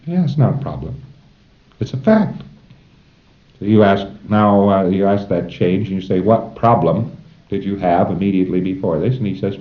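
A man with a very low voice talks a class through a procedure in a folksy, chuckling manner, acting out little exchanges. The old tape sounds muffled, and the room is echoey. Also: expressive, moderate pace. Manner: folksy, chuckling, acts out dialogues. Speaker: lecturer training auditors. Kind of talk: recorded lecture to a class. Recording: roomy, dull old lecture tape.

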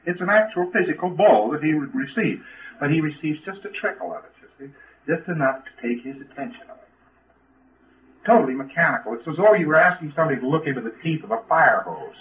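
A man's voice: a little high, expressive, fast, a little hiss or hum. A man giving an informal lecture to trainees in a folksy, emphatic way, often restarting his sentences. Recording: tinny lo-fi old tape.

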